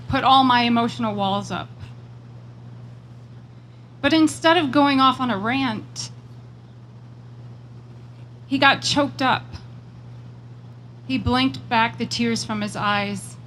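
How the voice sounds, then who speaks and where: A woman's voice: fairly high pitch, fairly bright tone, slight background noise, low-quality recording. Emphatic woman delivering a rally speech. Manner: measured, emphatic, slows on repeated phrases; personal storytelling. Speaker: rally speaker. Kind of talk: prepared political speech.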